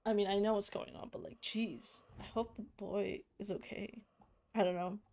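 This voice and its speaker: A woman's voice: mid-range voice, steady tone, moderate pace, creaky, mellow. A young woman playing a narrative game, reading its text aloud and reacting with shocked exclamations and casual fillers. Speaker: let's play streamer.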